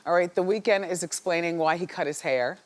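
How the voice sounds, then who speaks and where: A woman's voice: lowish voice, a little fast. A woman hosting a talk show, chatting candidly and playfully before running a call-in giveaway game. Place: TV studio with audience.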